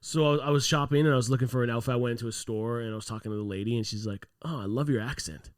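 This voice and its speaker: Canadian man who co-hosts a podcast, swearing freely and getting worked up as he tells a story. His pitch sits mid-range for a man, and the sound is close and dry, with no room echo at all. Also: racing, clean tone. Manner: profane, animated storytelling. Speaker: podcast co-host. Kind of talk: casual chat.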